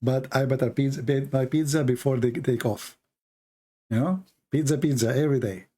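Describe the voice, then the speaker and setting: A man's voice: medium pitch, moderate pace, warm tone. Sarcastic man joking in a rambling monologue. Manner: sarcastic, joking, laughs at his own jokes; rambling with frequent restarts and fillers. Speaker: online show host. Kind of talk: casual mocking commentary.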